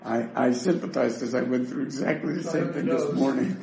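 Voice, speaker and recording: Guy giving a talmud class, reads the text fast then explains in english, kinda raspy, echoey room. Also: mid-range voice, crowd noise. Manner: rapid reading of Hebrew and Aramaic text, explaining in English. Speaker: Talmud teacher. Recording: echoey room with faint noise.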